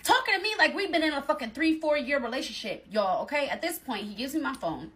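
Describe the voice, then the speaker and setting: A woman's voice: high-pitched, animated, quick pace, bright, forceful tone. A woman telling a personal story in casual storytime style, talking straight to her listeners with lots of emphasis.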